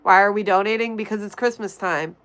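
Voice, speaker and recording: A woman's voice: medium pitch, fairly even intonation, brisk, fairly bright tone, rough recording. A young woman from Connecticut hosting a casual livestream, chatting and greeting viewers by name as she reads the chat. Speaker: livestream host.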